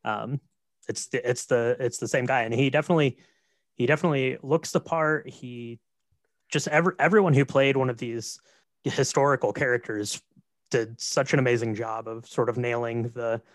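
A man co-hosting a casual film podcast, retelling the plot in a relaxed way with fillers. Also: mid-range voice, normal speed, no room sound, studio quality. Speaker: podcast co-host. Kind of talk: casual film recap chat.

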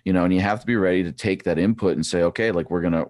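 A man in his forties, a former track cyclist, chatting as a podcast guest and telling rambling, animated stories with many restarts. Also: deep voice, very fast, dry recording, clean studio sound. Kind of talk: casual chat.

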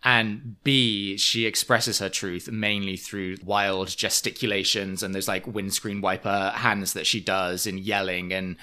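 A man with a bright, forward tone, talking casually on a podcast. He is analytical and witty and keeps an animated flow. The sound is chatty and conversational. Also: fairly low pitch, unhurried, hardly any pauses. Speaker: podcast co-host. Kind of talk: casual chat.

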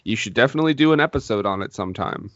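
A man with a mid-pitched voice co-hosts a relaxed film podcast. He teases his partner and laughs often, in an easy, playful way. The recording is close and dry but somewhat dull. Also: very fast, dry recording. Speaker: podcast co-host. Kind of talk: casual film podcast chat.

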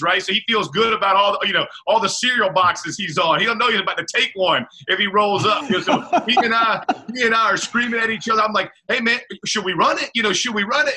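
High, bright, husky-voiced man telling stories. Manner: animated, colloquial, repeats words, laughs often. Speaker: former pro football center, guest. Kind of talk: casual storytelling interview.

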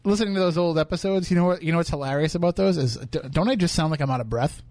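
Quick chatty radio host, a man. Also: a little high, darkish tone, no room sound. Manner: chatty, laughs often, quick asides. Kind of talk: casual on-air banter. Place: radio studio. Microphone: studio microphone.

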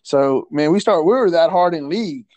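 A man telling a coaching story in a casual chat, animated and slangy, stumbling over repeated words and laughing often. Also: fairly high pitch, normal speed, dry recording, highs cut off. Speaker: podcast guest, assistant softball coach.

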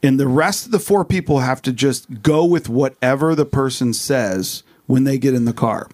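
A middle-aged man co-hosting a podcast, telling rambling stories in casual chat and getting animated when he quotes people. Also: medium pitch, normal speed. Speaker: podcast co-host.

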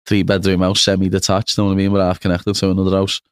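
Liverpool-accented young man, chatty and low. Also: monotone, quick pace, smooth, no room sound, clean studio sound. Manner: chatty, laughs often, says "know what I mean". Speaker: guest. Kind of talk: casual chat.

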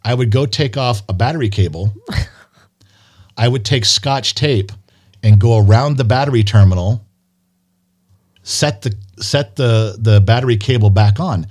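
A man's voice: medium pitch, a little slow, long pauses, a little mellow. A man, a podcast co-host, chatting casually, rambling through stories and teasing his co-host. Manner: rambling storyteller, swears, teases. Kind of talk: casual chat.

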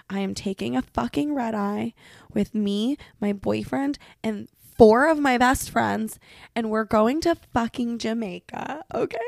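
Gravelly, profane young woman venting. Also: fairly high pitch, no echo. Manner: profane, self-mocking, rambling. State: sick and congested. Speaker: podcast host. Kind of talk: casual venting monologue. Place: bedroom.

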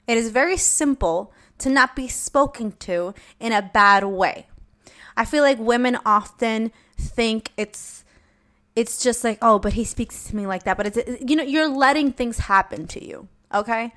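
A woman's voice: fairly high pitch, measured pace. A young woman hosting an advice podcast, talking frankly and casually, swearing at times and acting out what she would say. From Latina. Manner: frank, animated, swears casually, acts out her own comebacks. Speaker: podcast host.

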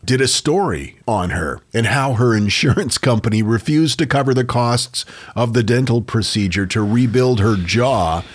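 A man co-hosting a casual podcast, walking a listener through strange facts like a storyteller. His pitch moves a lot, rising and dipping as he talks. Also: expressive, normal speed, hardly any pauses, husky. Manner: storytelling, presenting odd facts. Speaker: podcast co-host. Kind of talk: casual chat.

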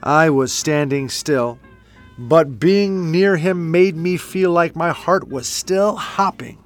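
A man narrating a children's storybook in a gentle, playful read-aloud. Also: on the high side, slow. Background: faint music.

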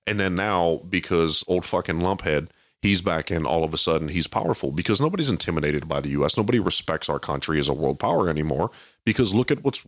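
A man's voice: low voice, a bit bright, no room sound, studio quality. A man co-hosting a podcast, ranting heatedly about politics, swearing constantly and mocking others with impressions. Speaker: podcast co-host. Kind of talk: profane political rant.

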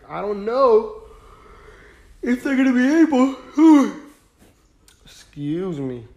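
A man's voice: high-pitched, darkish tone. A young man hosting a podcast, chatting casually about sports in a laid-back, rambling way with lots of fillers. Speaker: podcast host.

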